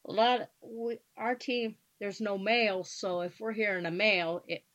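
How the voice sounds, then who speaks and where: A woman speaks plainly and matter-of-factly about her investigating methods. Her pitch sits in an ordinary middle range. The recording is dull and lo-fi. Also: steady tone, normal speed, a bit bright. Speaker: paranormal investigator guest. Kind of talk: casual chat. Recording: dull lo-fi sound.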